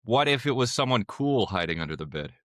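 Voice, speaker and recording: A man's voice: medium pitch, sing-song, brisk, fairly bright tone, dry recording, studio quality. A man co-hosting a comedy podcast, making playful mock-serious arguments. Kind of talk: casual comedic chat.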